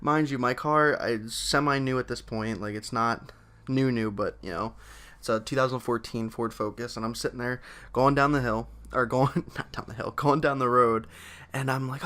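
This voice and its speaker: Excitable young man telling a story. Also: mid-range voice, normal speed. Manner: excitable, laughing, many fillers. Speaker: co-host telling a birth story. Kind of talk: casual storytime chat.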